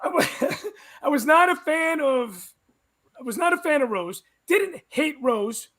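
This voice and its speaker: A man with a very high, bright voice guest hosts a casual chat. He rambles with frequent restarts and easy laughter while handing out his opinions. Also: animated, unhurried. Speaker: guest host.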